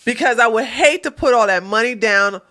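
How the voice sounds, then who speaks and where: A woman's voice: a little high, a little fast, pushed and bright. A woman hosting a livestream, giving casual, sarcastic commentary and often breaking into laughter. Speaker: livestream host. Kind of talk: casual commentary reading chat.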